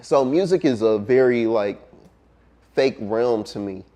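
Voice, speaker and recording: A relaxed man talks as a guest on an interview show. His voice sits in a middle register, and he speaks reflectively, pausing often with ums and letting his thoughts trail off. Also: medium pitch. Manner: laid-back, reflective, many ums and trailing pauses. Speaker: music producer guest. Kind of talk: casual interview conversation.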